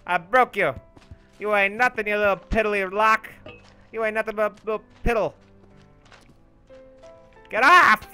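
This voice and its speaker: Goofy high-pitched man playing a game. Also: a little fast, clean tone, soft background music. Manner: goofy, boastful, shouts when excited. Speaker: gaming channel host. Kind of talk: let's play commentary.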